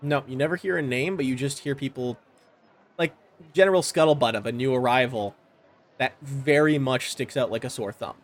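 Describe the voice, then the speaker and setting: A man running a tabletop game as game master, describing scenes in a relaxed, descriptive way with filler words. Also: mid-range voice, normal speed. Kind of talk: narrating a tabletop game over a call.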